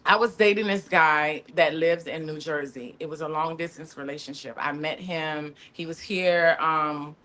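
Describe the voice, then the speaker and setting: A woman's voice: low voice, fairly even intonation, moderate pace, hardly any pauses, a bit bright. A woman talking candidly as a podcast guest, chatty and open, often calling people "honey". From Miami area. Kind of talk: casual chat.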